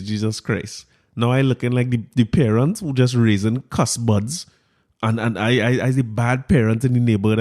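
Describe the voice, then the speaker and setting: A man hosting a podcast, telling a family story in a casual, animated way and laughing often. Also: medium pitch. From Trinidad and Tobago. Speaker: podcast host.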